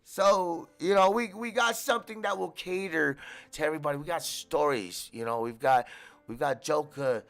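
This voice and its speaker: Gravelly-voiced man rambling on a stream. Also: a little high, normal speed, fairly bright tone, soft background music. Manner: rambling, profane, laughs often. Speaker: host of an online hip hop radio stream. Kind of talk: casual live-stream chat.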